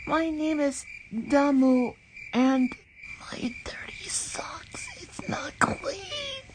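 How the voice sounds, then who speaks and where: A performer voicing a young male lion cub in a creepy cartoon clip, whose voice is weak and slow at times and demonically loud at others. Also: medium pitch, little pitch movement, a little hiss or hum, poor audio. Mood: weak, eerie.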